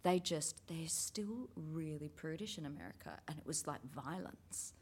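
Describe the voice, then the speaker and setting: An Australian woman talking about theatre in a lively casual chat. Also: low voice, moderate pace, husky. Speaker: actor, writer.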